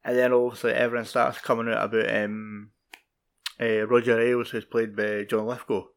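A man in casual podcast chat, halting and repeating words, with some swearing. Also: medium pitch, flat delivery, gravelly.

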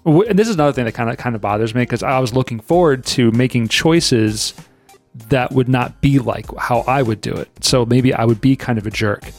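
A man co-hosting a podcast in casual chat, reflective and thinking aloud with pauses. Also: mid-range voice, soft background music. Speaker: podcast co-host.

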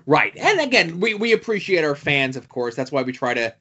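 Podcast co-host, male, bright and slightly high voice, rambling chat, lo-fi recording. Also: very animated, fairly quick. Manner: rambling, with many fillers and asides.

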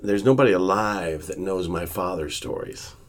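A male host reflecting in casual talk, with a halting, thoughtful way of speaking. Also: deep voice. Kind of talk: casual chat.

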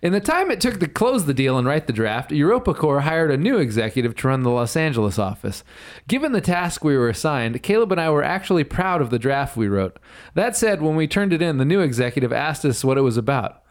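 A man's voice: fairly high pitch, big pitch swings, brisk. A man hosting a casual chat, rambling with many fillers and reading a blog excerpt aloud. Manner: rambling, lots of fillers, laughs often.

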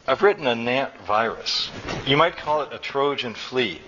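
A man reading aloud and voicing a stubborn, agitated middle-aged male engineer who explains things in a rapid, insistent rush. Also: medium pitch, lively intonation, pushed and bright. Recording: dull recording with faint room noise.

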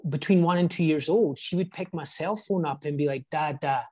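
A man's voice: fairly high pitch, a little fast, darkish tone. A man from Scotland with a Scottish accent, in his forties, a real estate agent talking earnestly as a guest in a casual interview.

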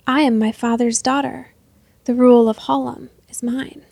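A woman's voice: normal speed, creaky, dry recording. A woman doing a cold, taunting vengeful princess. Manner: calm, taunting, low and menacing.

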